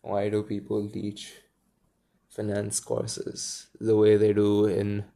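A man reads a story aloud, pausing for musing asides. His voice sits low with a gravelly texture and a mellow, dark tone. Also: monotone. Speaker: reader and commentator. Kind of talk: reading a story aloud with commentary.

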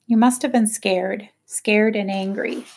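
A woman voicing a brisk, stern middle-aged woman guardian who speaks curtly and matter-of-factly. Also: mid-range voice, steady tone, gravelly, a little mellow. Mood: rueful. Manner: curt and matter-of-fact.

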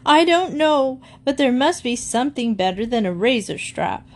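Woman reading as a tearful mother, high pitched, pleading, flustered, storybook reading. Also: lively intonation, unhurried, a little mellow. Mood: distressed.

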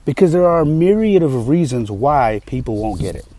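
A man's voice: medium pitch, very animated, normal speed, warm tone, a little hiss or hum. A man hosting a podcast, telling a story in a candid, heated, casual way with frequent fillers. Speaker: podcast host.

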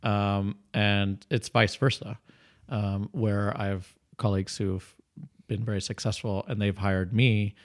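A man in casual conversation, telling stories in a lively way. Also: lowish voice, slow pace. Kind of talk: casual chat.

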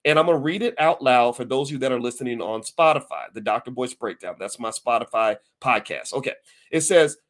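A man hosting his own podcast, talking to listeners in a folksy, emphatic, animated way and often restarting his sentences. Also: medium pitch, a little fast. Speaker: podcast host. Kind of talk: casual commentary to listeners.

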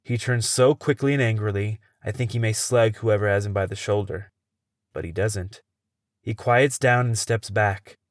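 Low-voiced man narrating a tense story. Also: normal speed, no room sound, clean studio sound. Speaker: podcast host and storyteller. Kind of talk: dramatic first-person story narration.

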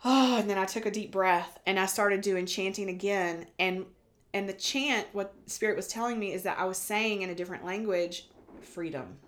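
A woman guest on a podcast, a medium telling stories in a casual, animated way and acting out the voices she quotes. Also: mid-range voice, moderate pace. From United States.

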